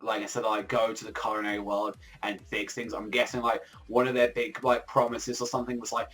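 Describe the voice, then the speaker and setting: A young man giving a casual manga review in a rambling, excitable, profane way, full of filler words. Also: fairly low pitch, brisk, few pauses.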